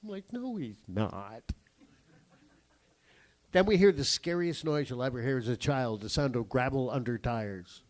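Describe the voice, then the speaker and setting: A man's voice: mid-range voice, poor audio. Profane man doing stand-up. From Canada. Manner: profane, swings between quiet asides and sudden shouts; acts out family members in quick voices. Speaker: comedian and cartoonist. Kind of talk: stand-up comedy with a drawing lesson. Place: theatre stage with a live audience.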